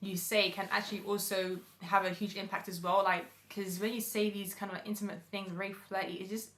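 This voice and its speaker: Co-host chat: young woman, emphatic delivery with a bright, forceful voice, recorded in an echoey room. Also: mid-range voice, little pitch movement, brisk. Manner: emphatic, lots of "like" fillers. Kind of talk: casual chat.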